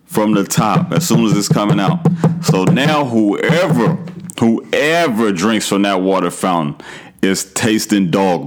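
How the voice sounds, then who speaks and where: Male podcast host with a low voice, profane and animated comic storyteller. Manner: animated, profane, swings into high exclamations. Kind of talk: comedic storytelling monologue.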